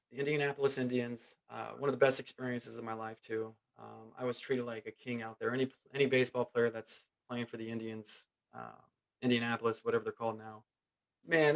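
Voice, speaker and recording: Guest: man around forty, former athlete, lively and chuckling through his story, casual and unpolished. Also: medium pitch. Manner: animated, chuckling, keeps saying "man". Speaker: guest, former pro baseball player.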